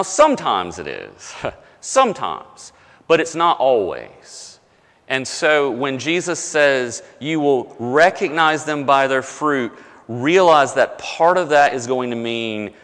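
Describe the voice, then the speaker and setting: A man preaching a conversational sermon as pastor, often dropping low and soft to stress a point. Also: big-room sound.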